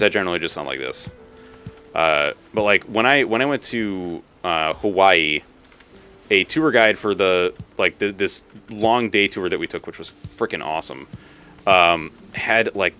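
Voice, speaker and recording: Massachusetts guy streaming games, chatty and sweary, lowish voice but super animated. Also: clear, resonant tone. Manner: rambling, swearing, laughing, chatty. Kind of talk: casual live-stream chat while gaming.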